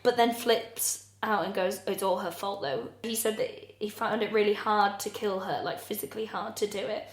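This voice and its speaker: A woman's voice: medium pitch, steady tone, normal speed, hardly any pauses. Blunt, sweary woman podcaster, echoey room. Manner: blunt, sweary, laughs often. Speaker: podcast co-host. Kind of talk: casual comedic chat.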